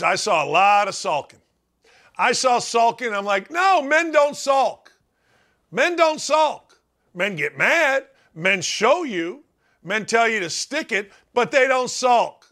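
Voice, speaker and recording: A man's voice: sits high, bright, forceful tone. A middle-aged man hosting a sports talk show, delivering a blunt, emphatic, sarcastic monologue. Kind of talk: opinionated monologue.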